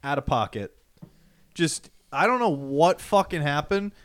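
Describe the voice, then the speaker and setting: Joking man, slightly high voice. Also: lively intonation, a little slow, fairly bright tone. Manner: joking, teasing, swears. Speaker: podcast co-host. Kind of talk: casual podcast banter.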